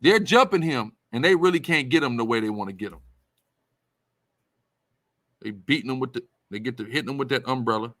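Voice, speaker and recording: A man's voice: medium pitch, lively intonation, fairly quick, long pauses, fairly bright tone, dry recording. A man giving preaching-style commentary as a religious teacher, emphatic and repetitive in a conversational way.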